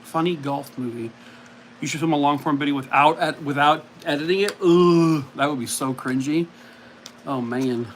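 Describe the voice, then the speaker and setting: A man's voice: fairly high pitch, moderate pace, slight background noise. A man hosting a casual livestream, chatting and mocking himself as he reacts to viewer comments. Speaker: livestream host.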